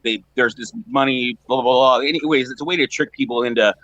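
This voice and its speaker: Male panelist, halting rambly storyteller, sharp bright voice, mid pitch. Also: highs cut off. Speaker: panelist on a live stream. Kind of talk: casual chat.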